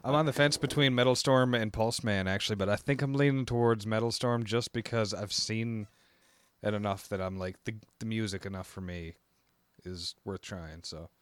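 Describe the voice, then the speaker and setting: A man's voice: lowish voice, moderate pace, a bit bright, clear, resonant tone. A man co-hosting a casual podcast, teasing and bantering with the others. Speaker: podcast co-host. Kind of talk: casual chat.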